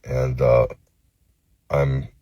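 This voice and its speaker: A man from Los Angeles recording a phone-camera apology video, halting and cursing, with many pauses and fillers. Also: rumbling low, little pitch movement, dry recording, lo-fi sound. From Los Angeles, United States. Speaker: vlogger.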